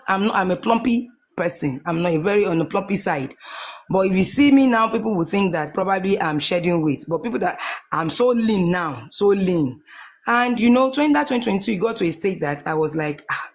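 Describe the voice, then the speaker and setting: A Nigerian woman in her forties giving an emotional personal testimony, earnest and repeating her phrases as she goes. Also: mid-range voice. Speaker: guest sharing a testimony.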